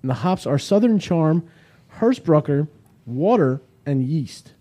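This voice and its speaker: A man's voice: a little high, animated, unhurried, warm tone. A young man hosting a casual podcast, reading beer labels aloud and explaining the style. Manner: reads product blurbs aloud, explanatory. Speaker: podcast host.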